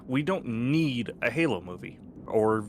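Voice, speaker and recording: A man's voice: mid-range voice, lively intonation, measured pace, slight background noise. Blunt man in casual game chat. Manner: blunt and opinionated, dry asides. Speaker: let's play co-host. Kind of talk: casual gameplay commentary.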